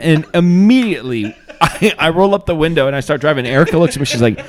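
A man's voice: a little high, expressive, fairly quick, crowd noise. A man hosting a podcast, telling a story in casual chat and laughing at himself. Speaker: podcast host.

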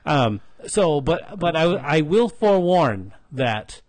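Woman host, casual chat, animated pitch, dry close sound, rambling self-interrupting talk. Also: slow, hardly any pauses, dry recording. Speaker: podcast host.

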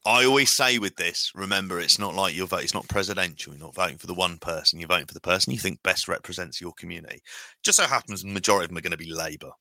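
A man's voice: low voice, rapid-fire, bright, forceful tone, dry recording. A man co-hosting a casual chat podcast, joking and teasing playfully. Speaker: podcast co-host. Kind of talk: casual banter.

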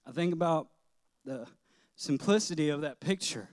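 A man's voice: on the high side, expressive, moderate pace, darkish tone, no echo, studio quality. A middle-aged man, a pastor, preaching a sermon in an earnest, personal way, telling childhood stories with light laughter.

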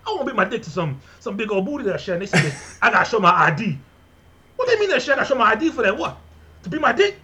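A man's voice: high-pitched, big pitch swings, racing, sharp tone, lo-fi sound, voice pushed up, heavily acted. A man putting on a crude, rowdy Louisiana-accented man ranting with lots of repetition.

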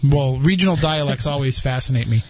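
A man's voice: mid-range voice, fairly quick, no room sound. A man hosting a podcast, chatting casually and rambling with frequent restarts. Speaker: podcast host. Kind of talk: casual chat.

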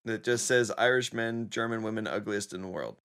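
A man's voice: fairly low pitch, brisk, a bit bright. A man hosting a casual podcast chat with friends, laughing often and joking loosely. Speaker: podcast host.

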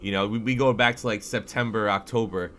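A man co-hosting a podcast, chatting casually and excitably about wrestling, swearing now and then. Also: fairly low pitch, fairly quick, a little hiss or hum. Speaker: podcast co-host.

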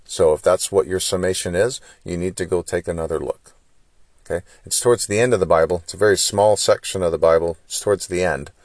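A man with a very low voice, hosting his own podcast as a solo monologue. He lectures with frustration and fires off rhetorical questions. The sound is close and dry, with no room behind it. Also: fairly even intonation, fairly quick, darkish tone, no room sound. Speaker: podcast host.

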